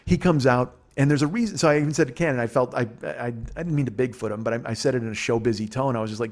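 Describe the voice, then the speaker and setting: A man's voice: mid-range voice, fast talker, hardly any pauses. Profane, rambling male storyteller. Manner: profane, rambling, animated retelling with quoted voices. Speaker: podcast host. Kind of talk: casual storytelling.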